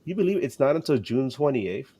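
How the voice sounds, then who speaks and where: A man's voice: mid-range voice, very animated, a little fast, warm tone, a little hiss or hum. A man co-hosting a casual sports podcast, talking in a rambling way with many restarts and fillers. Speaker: podcast co-host.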